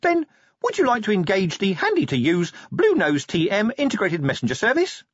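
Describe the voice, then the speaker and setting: A man's voice: high voice, wildly swooping pitch, moderate pace, no room sound, lo-fi sound, pitched above the performer's own voice, heavily acted. A man voicing a small, eager imp that lives inside a pocket organizer and babbles at its owner. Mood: eager shrill.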